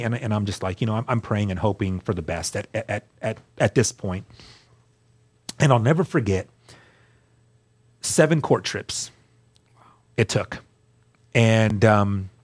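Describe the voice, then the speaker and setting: Earnest man telling his story, low voice. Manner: earnest, repeats words as he restarts. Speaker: guest sharing his testimony. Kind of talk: candid personal storytelling.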